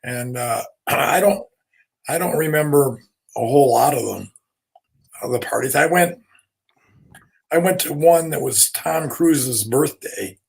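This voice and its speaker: A man's voice: mid-range voice, a little slow, vocal fry, long pauses. An older man as a guest on a podcast, giving brief, easygoing answers in casual chat.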